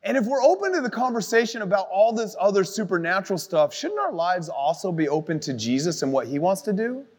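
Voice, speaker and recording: A man preaching a live youth sermon, animated and conversational, full of asides, to an audience in a church. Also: sits high, fairly quick, few pauses, big-room sound. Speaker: youth pastor.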